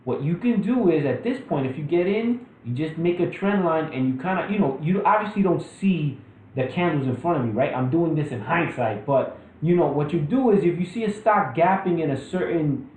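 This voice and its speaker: A man's voice: on the high side, expressive, moderate pace, darkish tone, echoey room, slight background noise, poor audio. A man casually walking through stock charts in a trading lesson, loose and full of fillers and restarts. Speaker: trading educator. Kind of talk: screen-share stock chart walkthrough.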